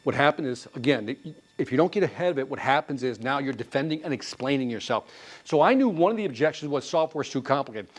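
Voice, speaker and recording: A man leading a live sales training class, quizzing the room with quick questions and answers. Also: medium pitch. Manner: animated, quizzing the class with call-and-response questions.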